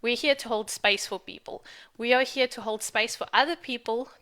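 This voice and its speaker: A woman's voice: fairly high pitch, normal speed, sharp tone. A woman talking on her spiritual vlog in a candid rant, frank and emphatic and swearing freely. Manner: emphatic, repeats for stress. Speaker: spiritual vlogger.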